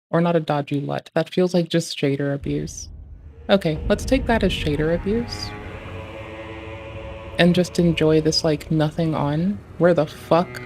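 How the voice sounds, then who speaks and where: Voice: medium pitch, a little mellow. A streamer talking casually and swearing freely, muttering to themself and asking the screen questions while fiddling with game graphics settings. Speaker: livestreamer.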